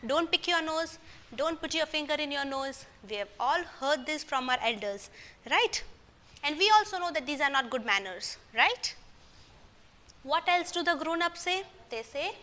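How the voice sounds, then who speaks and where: A woman teacher with an Indian English accent talks a class of children through a poem, patient and chatty, checking in with "right?" again and again. Her voice sits high and sounds bright and clear, with lively rises on the quoted commands. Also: normal speed. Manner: patient, addresses children directly with frequent "right?".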